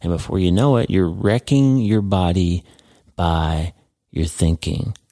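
A man's voice: low voice, measured pace, mellow, no room sound. A man hosting a podcast, giving an earnest devotional teaching and speaking to the listener as a friend. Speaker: podcast host.

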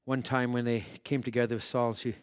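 A man preaching a sermon who swings between shouted peaks and hushed, drawn-out passages, telling stories with quoted voices. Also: mid-range voice, flat delivery, clean tone. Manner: dramatic storytelling with quoted voices.

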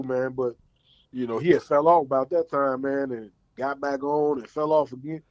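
A man's voice: medium pitch, fairly even intonation, normal speed, a little mellow, no echo. A man hosting a casual chat, talking in laid-back slang. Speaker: podcast host. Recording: dry, dull lo-fi sound.

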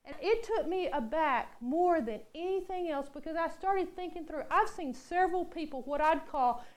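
A woman's voice: very high voice, normal speed. A woman preaching a storytelling sermon, acting out the people she quotes. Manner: animated storyteller, acts out quotes.

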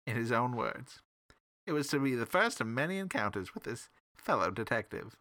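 A man reading his own comic detective story aloud in an animated, playful way. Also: medium pitch, dry recording.

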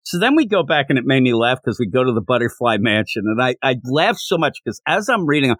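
A man's voice: medium pitch, sing-song, quick pace, fairly bright tone, no echo. A man co-hosting a podcast, chatting casually as he recaps a manga chapter and slips into character voices while retelling it. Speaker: podcast co-host.

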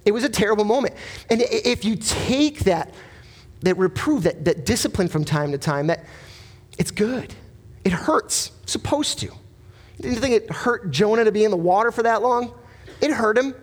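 Male pastor, high voice, earnest emphatic sermon delivery, rhetorical questions. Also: animated, normal speed.

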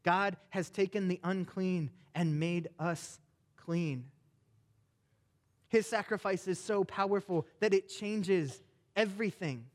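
A young adult man, a pastor, preaching a sermon with animated, emphatic delivery. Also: high-pitched, slow.

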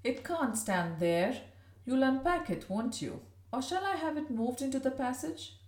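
A woman's voice: sits high, expressive, measured pace, a little mellow, pitched above the performer's own voice. A woman voicing a chatty, fussing hostess. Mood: concerned.

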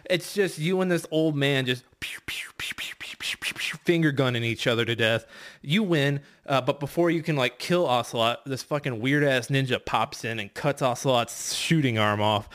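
A man's voice: mid-range voice, moderate pace, a bit bright. A man racing through a casual game recap, rambling and profane, full of fillers and restarts. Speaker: podcast competitor recapping a game.

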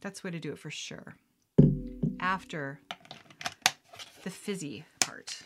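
A young woman hosts a casual podcast from home, mixing a drink on camera as she chats and rambles, often breaking into giggles. Her low voice is slow, and the recording is very noisy.

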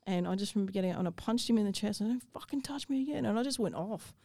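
A woman's voice: mid-range voice, very fast, warm tone, no room sound. A woman, telling a personal story in an interview, blunt and swearing freely. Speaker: guest.

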